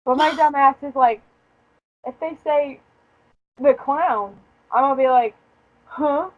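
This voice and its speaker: A young woman chatting casually as a podcast host, her voice pitched a little high. She tells her story in a profane, joking way and breaks into laughter often. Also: normal speed, phone-quality sound. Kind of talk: casual chat.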